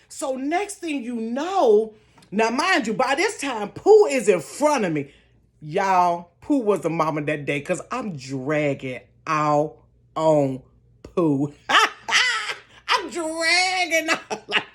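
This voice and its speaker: Older lady doing a storytime from her bedroom, slow and dramatic, pitch jumping all over. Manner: dramatic, expressive, talks straight to viewers. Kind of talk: casual storytime chat.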